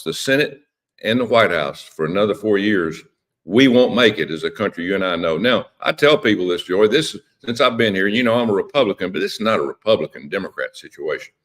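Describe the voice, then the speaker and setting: A man's voice: lowish voice, a bit bright. A man speaking as a politician guest on a radio interview, impassioned and emphatic, often repeating words.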